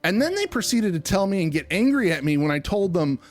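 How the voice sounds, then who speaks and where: A man on a podcast launches into a heated, profanity-laced rant, his voice sitting a bit high for a man. He tells his story in loose, casual chat, and faint music runs under him. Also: big pitch swings, fairly quick. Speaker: podcast co-host.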